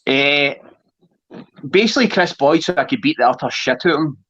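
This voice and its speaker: A man's voice: a little high, lively intonation, brisk, pushed and bright, slightly rough, muffled recording. A Scottish man chatting as a wrestling guest, blunt and sweary, laughing often. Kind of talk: casual chat.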